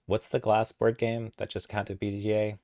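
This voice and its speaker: A man with a very deep voice streams a puzzle game live. He rambles and thinks aloud, chatting casually as he plays. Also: little pitch movement, normal speed, warm tone, no echo, studio quality. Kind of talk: casual chat while playing a puzzle game.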